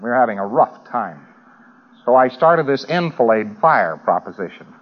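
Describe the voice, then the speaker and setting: A man's voice: medium pitch, big pitch swings, moderate pace. An American man giving a humorous talk to a live audience, rambling with dry asides. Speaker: lecturer. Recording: dull lo-fi old recording.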